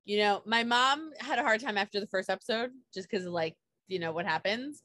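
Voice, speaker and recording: A woman's voice: on the high side, animated, quick pace, bright, forceful tone. A woman co-hosting a podcast, gushing enthusiastically and swearing casually. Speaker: podcast co-host.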